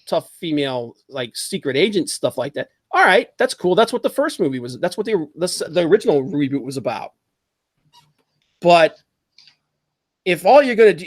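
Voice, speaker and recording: A man hosting a casual livestream talk show, animated and opinionated, reading chat comments aloud. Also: fairly high pitch, no room sound, clean studio sound. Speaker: podcast host.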